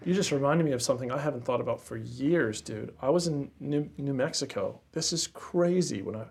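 A man's voice: mid-range voice, brisk, creaky, slightly rough. A man co-hosting a casual chat, telling stories animatedly and calling his friend bro. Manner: animated storyteller, says bro and crazy. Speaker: co-host.

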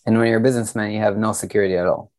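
A man with a somewhat low voice co-hosts a casual podcast. He is easygoing, mostly agreeing and then posing a thoughtful question. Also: fairly even intonation, racing, a little mellow. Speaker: podcast co-host.

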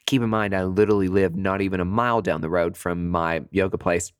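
A man hosting a podcast on his own, telling a story casually and with animation, swearing freely and jumping up in pitch to make a point. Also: fairly quick, clear, resonant tone, dry recording, studio quality. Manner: animated, chatty, swears freely, jumps high in pitch for emphasis. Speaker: podcast host.

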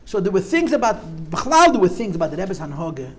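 A man's voice: high-pitched, big pitch swings, quick pace. An older man telling a live audience his memories in a vivid, demonstrative way, dropping in Yiddish and Hebrew terms. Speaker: speaker recounting memories to an audience. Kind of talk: storytelling talk to a live audience.

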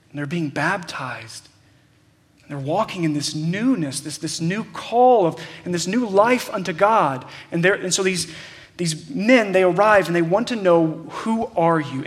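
A man's voice: sits high, fairly bright tone. A man preaching a sermon, talking through a Bible passage in a conversational way with frequent fillers and restarts. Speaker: pastor.

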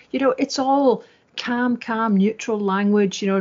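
A woman's voice: fairly high pitch, a little slow, a little mellow. A woman co-hosting a political discussion podcast in a chatty, wry way with many fillers. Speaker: podcast co-host. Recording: dull lo-fi sound.

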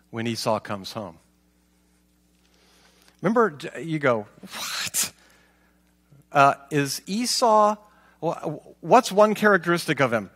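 A man's voice: mid-range voice, a bit bright, long reverb tail. A man reading scripture aloud and stopping to comment with rhetorical questions. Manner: reads aloud, then asks rhetorical questions. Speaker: Bible teacher.

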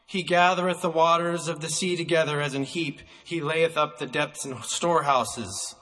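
A man preaching a sermon, emphatic and slowing down to stress single words, recorded in a church hall. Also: fairly high pitch, steady tone, sharp tone.

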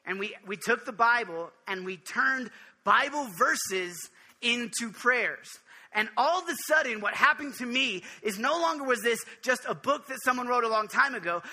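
A man giving an informal sermon on prayer, earnest and jokey, with quick restarts and direct questions to his listeners. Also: sits high, bright, forceful tone. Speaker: preacher.

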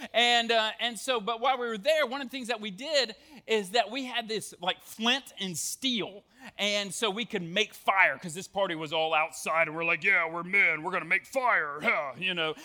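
Animated, bright-voiced male preacher. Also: sits high. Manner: animated storytelling with jokes and asides. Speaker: youth pastor. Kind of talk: sermon to students.

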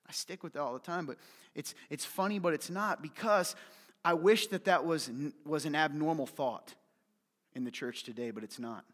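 A man delivers a sermon in a church hall, his voice sitting a little high. He jokes with the congregation and keeps asking them questions. A long reverb trails every phrase. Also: a little slow, long pauses. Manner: animated, joking with the congregation, asks questions. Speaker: pastor.

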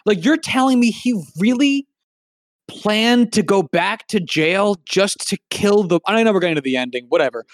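A person co-hosting a casual film chat, talking in an animated, incredulous, profane way. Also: medium pitch, normal speed, no echo, studio quality.

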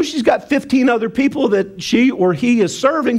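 A man's voice: very high voice, normal speed, few pauses. A male pastor delivering a sermon, playful and self-mocking, calling for responses from the congregation and often restarting his sentences.

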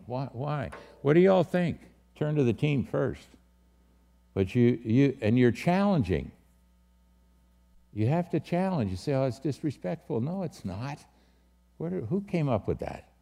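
A man's voice: medium pitch, vocal fry, warm tone. A man, a pastor teaching a leadership session to a small group, direct and full of questions, repeating his key words. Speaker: pastor leading a leadership training.

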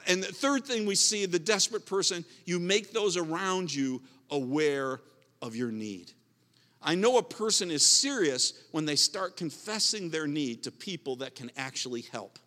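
A man's voice: a little high, pushed and bright, big-room sound. A man preaching a sermon as pastor, emphatic and repetitive, often restarting his words.

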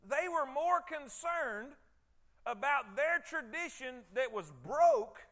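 A man's voice: very high-pitched, very animated, slow, fairly bright tone. A man preaching a sermon in a conversational way, often repeating words and checking in with his congregation. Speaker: pastor.

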